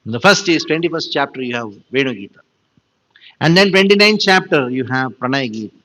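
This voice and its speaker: Bright-voiced man giving a sermon. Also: medium pitch, fairly quick, poor audio. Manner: emphatic, animated storytelling. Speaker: monk giving a scripture class. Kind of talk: devotional scripture lecture.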